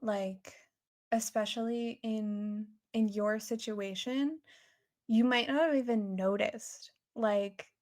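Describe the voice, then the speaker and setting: Podcast guest, woman in her twenties, even-toned, reflective and supportive, lots of fillers. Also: fairly high pitch, slow pace. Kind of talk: casual heartfelt chat.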